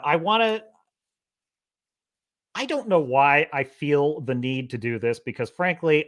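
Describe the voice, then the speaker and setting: A man hosting a casual livestream, rambling and excitable, quick to laugh. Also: a little high. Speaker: show host.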